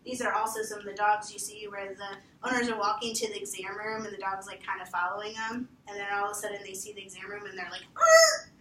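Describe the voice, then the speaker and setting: A woman teaching volunteers about dog behavior, animated and lively, acting out what dogs think. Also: medium pitch, fast, hardly any pauses, slight background noise. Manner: animated, acts out dogs' thoughts in quotes. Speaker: veterinary behavior instructor. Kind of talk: training talk to volunteers. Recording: roomy, from far off, faint ambience.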